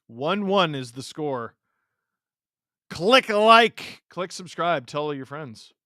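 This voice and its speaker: A man hosts a live hockey watch-along, calling each play as it happens. His voice is bright and a touch high. He swings from sudden shouts to low muttered asides. The sound is close and dry. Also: takes it slowly, no echo. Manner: excitable, jumps between shouting and muttering. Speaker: host.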